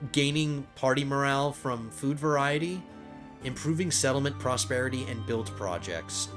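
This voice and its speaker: A man talks through his strategy game in a casual let's play, thinking aloud and getting excited, often stumbling and restarting his sentences. His voice sits at an ordinary pitch. Game music plays clearly underneath him. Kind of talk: casual gameplay commentary.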